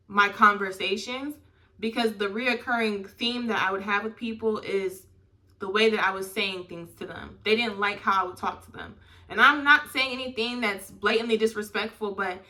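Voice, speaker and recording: A young woman hosting a podcast, talking earnestly and candidly about her faith, with lots of likes and you knows. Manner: earnest and heartfelt, drifting from bursts to soft low lines. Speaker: podcast host. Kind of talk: candid faith-based personal talk.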